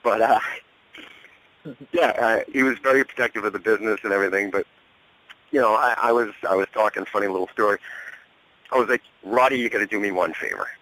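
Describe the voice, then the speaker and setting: A middle-aged man telling a lively backstage story as a radio guest, acting out the people in it and laughing often. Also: lowish voice, a little fast, pauses often, low-quality recording. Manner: animated storyteller, laughs often, acts out quotes. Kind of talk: casual anecdote over a radio show.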